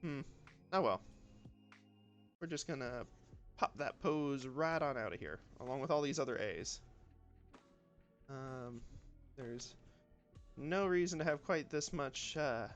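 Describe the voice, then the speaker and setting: A man with a slight Southern US accent talks to his stream in a loose, rambling way, full of ums, y'alls and half-finished thoughts as he works. His voice sits at an ordinary middle pitch, and quiet lo-fi music plays faintly behind him. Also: a little slow, pauses often. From southern United States. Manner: relaxed, rambling, self-talk with many ums and y'alls. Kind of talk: casual live-stream chat while drawing.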